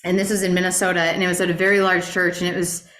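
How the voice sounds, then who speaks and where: A woman's voice: lowish voice, rapid-fire, slight background noise. Earnest woman teaching a Bible class. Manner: earnest, animated storytelling with rhetorical questions. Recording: roomy echo.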